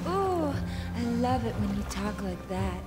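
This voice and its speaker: A man doing a sassy, flirty woman in a game clip, high and sing-song with a voice that swings up and down. She coos at first, then snaps back with an offended huff. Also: big pitch swings, measured pace, a little mellow, faint music behind.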